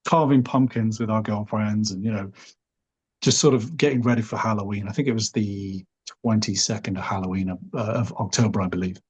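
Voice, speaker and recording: A husky-voiced man with a Liverpool accent tells a story at an easy pace. He rambles and hedges, slipping in "sort of" and "you know" as he goes. He sounds middle-aged and relaxed. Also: lowish voice, muffled recording. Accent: Liverpool English. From Liverpool, England. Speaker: podcast guest.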